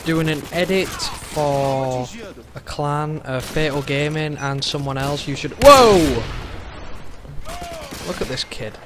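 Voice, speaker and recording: A young man casually commentating his own gameplay, excitable and sweary, gasping and shouting at what happens on screen. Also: on the high side, unhurried, few pauses, crowd noise. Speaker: gaming commentator. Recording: loud gunfire behind the voice.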